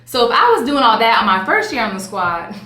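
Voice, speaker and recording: A woman, talking to camera in a chatty, animated, playful vlog style. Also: on the high side, fairly quick, reverberant. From Virginia, USA. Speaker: vlogger. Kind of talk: casual vlog talk to camera. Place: hotel room on vacation.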